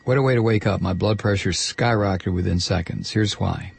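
A man's voice: fairly low pitch, a little fast, creaky, slightly rough. A man hosting a political talk show, ranting with indignant sarcasm. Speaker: radio talk host. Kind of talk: political commentary monologue.

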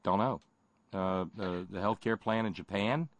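A man's voice: on the low side, normal speed, dry recording. A man hosting a casual talk show, joking and teasing his co-hosts in easygoing banter. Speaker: show host.

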